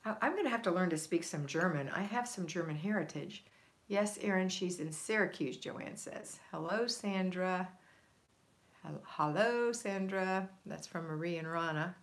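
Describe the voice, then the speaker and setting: An older woman hosting a live stream, chatting casually and reading viewer comments aloud, upbeat, laughing often and adding quick asides. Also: fairly low pitch. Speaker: livestream host.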